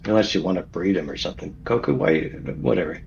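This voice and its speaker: Man, tabletop player, deadpan, low voice, muffled lo-fi recording with hiss. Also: fast talker, creaky. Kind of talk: tabletop game chat. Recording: dull lo-fi mic with faint hiss.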